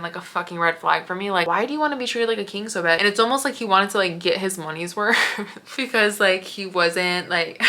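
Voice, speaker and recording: Bright-voiced chatty young woman. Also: fairly low pitch. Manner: chatty, animated, swears freely, acts out quotes. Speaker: podcast host. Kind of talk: casual storytime chat.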